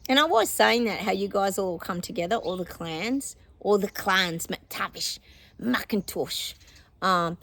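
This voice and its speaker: Australian woman, psychic vlogger; gravelly, chatty, rambling, mid-pitched. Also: expressive, fairly bright tone. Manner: chatty, meandering, laughs often, stretches words slowly. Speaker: psychic giving predictions. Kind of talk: casual rambling monologue to viewers.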